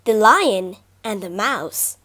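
A woman narrating children's fables in a lively, expressive storybook reading. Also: mid-range voice, slow.

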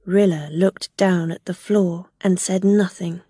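A woman narrating a graded reader audiobook in a slow, careful, clearly paced way. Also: lowish voice, fairly even intonation, dark tone, dry recording, studio quality.

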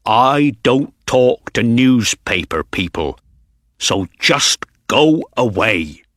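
A man doing a gruff, hostile stable owner. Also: medium pitch, animated, takes it slowly, fairly bright tone, dry recording, studio quality. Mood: angry. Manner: gruff and defensive. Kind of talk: audiobook character reading.

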